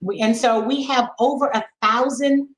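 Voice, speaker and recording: A middle-aged woman speaking as a podcast guest and sex educator, frank and animated, coaching listeners with a string of rhetorical questions. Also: on the high side, normal speed, roomy sound, a little hiss or hum, poor audio. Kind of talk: podcast conversation.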